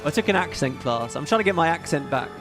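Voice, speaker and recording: A male streamer talking loosely to his chat, his voice sitting fairly high and bouncing all over the place. He rambles, swears freely and wanders off on tangents, with faint music playing underneath. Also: animated, quick pace. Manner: rambling, profane, chatty asides. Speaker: livestream host. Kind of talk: casual livestream chat.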